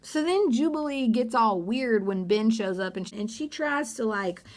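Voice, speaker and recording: A woman's voice: a little high, expressive, measured pace. A woman giving a sarcastic, gossipy recap of a reality TV episode in a casual vlog. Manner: sarcastic, gossipy, acts out quotes.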